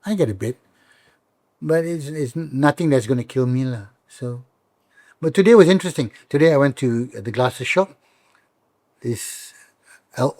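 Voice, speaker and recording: A middle-aged man with a Malaysian English accent, chatting as a comedian guest in an interview, telling stories lively and acting out the voices of people he quotes. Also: mid-range voice, dry recording. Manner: animated storyteller, acts out quoted voices. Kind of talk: casual interview chat.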